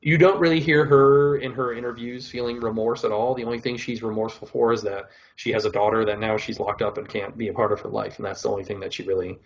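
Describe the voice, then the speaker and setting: A man's voice: fairly low pitch, steady tone, quick pace, few pauses, muffled recording. A man co-hosting a podcast, chatting casually and rambling with lots of filler words. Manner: rambling, full of "like" and "whatever". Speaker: podcast co-host. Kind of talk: casual chat reviewing shows.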